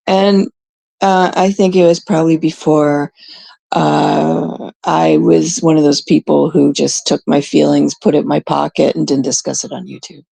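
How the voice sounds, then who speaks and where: A woman's voice: fairly low pitch, moderate pace, creaky, warm tone, husky, no room sound. A Canadian woman in casual, unscripted talk to her chat, blunt and rambling, swearing often. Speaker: streamer talking to chat.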